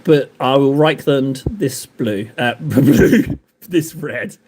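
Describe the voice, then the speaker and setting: A man's voice: mid-range voice, expressive, slow, a little mellow, slight background noise. A man streaming while he paints miniatures, chatting and joking with his viewers in a rambling way. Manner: joking, rambling banter with chat.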